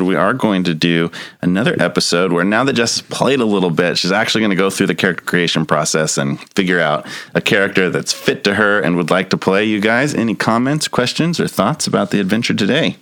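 A man with a very low voice runs a tabletop game as game master. He narrates loosely and haltingly, pausing on fillers as he goes. The sound is dry and close. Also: no echo. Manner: relaxed, halting, with many fillers and restarts.

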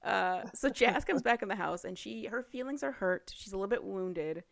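A woman's voice: mid-range voice, lively intonation, moderate pace, vocal fry, no echo, studio quality. A woman chatting casually as a podcast co-host recapping a book, talking with lots of fillers and frequent laughs. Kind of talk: casual chat.

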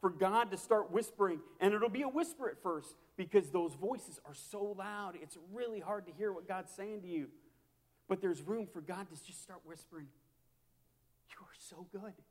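A man preaching a sermon as a pastor, impassioned and repetitive, swinging from hushed to loud. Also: high voice, normal speed. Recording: long hall reverb.

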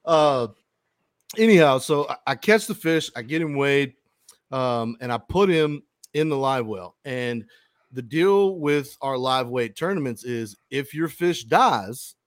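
A man hosts a fishing podcast and tells a long story in loose, casual chat. He rambles, restarts, and swears freely. His voice sits at a medium pitch, recorded dry and close. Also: animated, a little slow, dry recording. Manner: rambling, profane, with frequent restarts.

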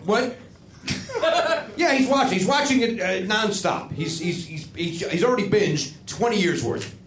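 A man hosting a casual comedy podcast, joking and laughing through quick banter. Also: high voice, roomy sound, slight background noise. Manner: animated, quick to laugh, jokey. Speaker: podcast host.

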